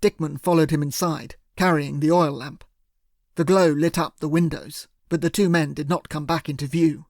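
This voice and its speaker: A man reads a first-person audiobook in a steady, measured way. His voice sits a little high with a gravelly rasp, and the recording is close and bone-dry. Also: no room sound. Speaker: audiobook narrator.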